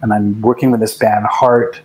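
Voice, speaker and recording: A man in his sixties from Canada, a guest musician recalling stories in a relaxed, reflective way with frequent restarts. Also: fairly low pitch, normal speed, poor audio. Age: 60s. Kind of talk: casual interview chat.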